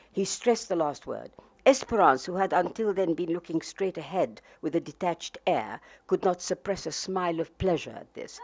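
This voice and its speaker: A woman's voice: lowish voice, lively intonation, moderate pace, a little mellow. Wry older woman reading her memoir. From Palestine. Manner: wry, anecdotal, with fillers and laughs. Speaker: author.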